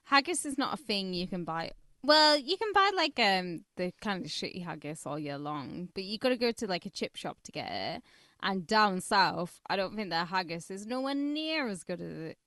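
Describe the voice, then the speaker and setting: A female podcast co-host talks bluntly and swears freely. Her voice jumps around in pitch and sounds close and dry. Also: big pitch swings, normal speed, sharp tone, no room sound. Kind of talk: casual chat.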